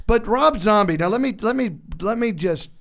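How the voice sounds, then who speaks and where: A man being interviewed, telling joking anecdotes in a casual, animated way, often interrupting himself mid-sentence. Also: high voice, normal speed, gravelly. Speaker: actor guest.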